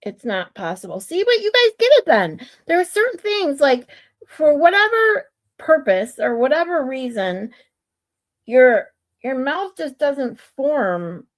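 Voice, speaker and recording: Female livestream host, unhurried, playful, lively melody in her voice. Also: high voice. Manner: musing aloud, slow, playful word practice. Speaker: streamer host. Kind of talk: casual livestream chat.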